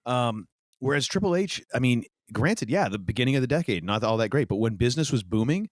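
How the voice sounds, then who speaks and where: A man's voice: medium pitch, animated, fairly quick, no room sound, clean studio sound. A man co-hosting a casual podcast chat, giving wry, opinionated asides. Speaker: podcast co-host.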